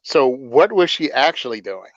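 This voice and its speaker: A man's voice: mid-range voice, sing-song, normal speed, dry recording, lo-fi sound. A man hosting a casual political chat, blunt and sarcastic, often laughing at his own points. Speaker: podcast host.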